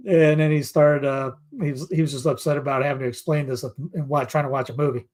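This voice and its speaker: A man's voice: medium pitch, fairly even intonation, brisk, few pauses, darkish tone. A man hosting a commentary show, reading news headlines aloud in a rambling, casual way with asides.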